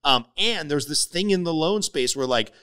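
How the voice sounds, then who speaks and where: A middle-aged man hosting a podcast, telling a casual story with lots of swearing and animated retelling. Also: on the high side, normal speed, clean tone. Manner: animated, swears freely, voices others in stories. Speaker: podcast host, mortgage coach.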